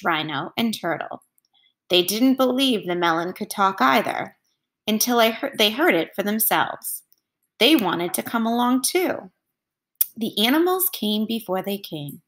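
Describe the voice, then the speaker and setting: A woman teacher reading a storybook aloud to children in a clear, expressive voice. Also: medium pitch.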